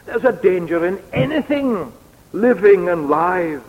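A man preaching an expository sermon in a measured, deliberate way, pausing to read out quotations. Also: high-pitched, animated, long reverb tail, phone-quality sound.

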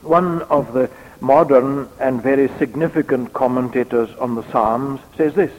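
A man preaching an expository sermon in a measured, deliberate way, pausing to read out quotations. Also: mid-range voice, long reverb tail, muffled recording, a little hiss or hum.

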